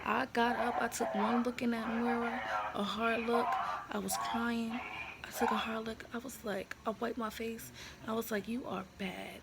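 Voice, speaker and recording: Gravelly-voiced woman vlogging from a hospital room. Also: a little high, little pitch movement, moderate pace. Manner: frank, emotional, blunt and slangy. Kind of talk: candid personal storytelling to camera. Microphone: handheld phone camera. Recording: noisy room ambience.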